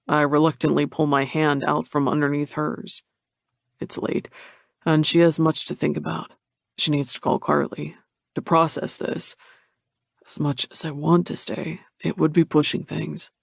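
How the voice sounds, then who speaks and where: Low gravelly woman narrating a romance. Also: level tone, a little slow, no echo, clean studio sound. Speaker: audiobook narrator.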